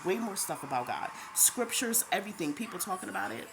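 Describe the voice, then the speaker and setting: A woman's voice: medium pitch, animated, fairly quick, creaky, poor audio. A woman telling her faith testimony as a casual, chatty personal story. She repeats herself often and laughs now and then. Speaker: vlogger sharing a faith testimony. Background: background music.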